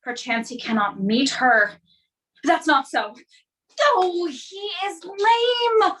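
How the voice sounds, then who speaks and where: A woman's voice: high voice, slow pace, a bit bright. A woman playing an impatient young girl in love who pleads for news, in a stage reading of a classic play. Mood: longing.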